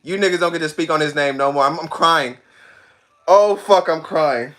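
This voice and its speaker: A man's voice: on the high side, a little fast. A man streaming, chatting casually with his chat in slangy talk, repeating himself and often cracking up. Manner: animated, slangy, repeats himself, breaks into laughter. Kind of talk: casual livestream chat reading comments.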